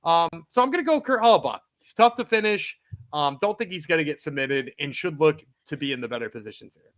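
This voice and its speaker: Upbeat male co-host, slightly high voice, animated, stumbles into his points. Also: quick pace. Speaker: podcast co-host. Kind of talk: casual podcast chat.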